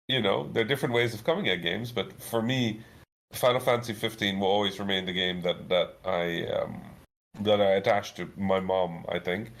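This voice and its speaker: A man in his thirties, a guest game developer, telling a story in a chatty, animated way full of filler words. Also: sits low. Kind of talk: casual storytelling.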